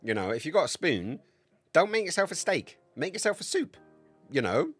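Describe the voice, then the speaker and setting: A man's voice: a little high, very animated, moderate pace, slightly rough, faint music behind. A man in his thirties chatting casually on a game livestream, rambling, crude and joking. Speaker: game streamer.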